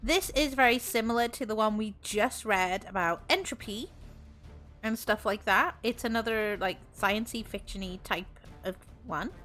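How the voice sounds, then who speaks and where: A woman's voice: mid-range voice, normal speed, a bit bright, soft background music. A young woman streaming as a VTuber, chatting casually and teasingly with viewers and laughing often.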